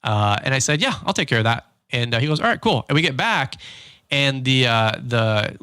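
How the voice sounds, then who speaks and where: A man's voice: medium pitch, moderate pace, smooth, no echo. Dry-sounding man telling stories casually. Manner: animated storytelling, acts out quotes; frequent fillers and restarts. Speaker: podcast host. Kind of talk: casual monologue.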